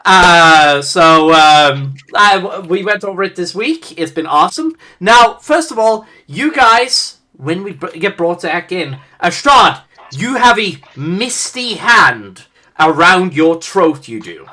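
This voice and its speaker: A man's voice: high voice, expressive, takes it slowly, bright, forceful tone. A young man narrating as dungeon master, often stumbling over his words and correcting himself. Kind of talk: narrating a tabletop game.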